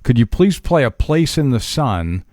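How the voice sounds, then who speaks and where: A man's voice: medium pitch, sing-song, a little slow, darkish tone, no echo. A man hosting an oldies radio show from a studio, chatting in an upbeat, easily amused way about listener notes and birthdays. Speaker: radio host.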